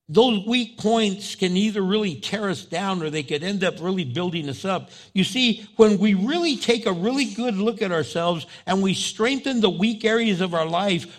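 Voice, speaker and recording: A man preaching a sermon with passion, rising loud as he urges his listeners and acting out the things people say to themselves. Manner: impassioned, voice drops low and soft in prayer, rises loud when exhorting; acts out inner voices and quoted prayers. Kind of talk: sermon with spoken prayer.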